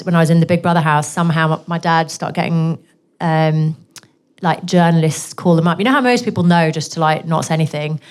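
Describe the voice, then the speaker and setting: A woman's voice: on the low side, smooth. A woman from Northeast England with a posh southern English accent, speaking as a guest author and answering audience questions candidly at a live bookshop event. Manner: candid, chatty, full of self-deprecating asides.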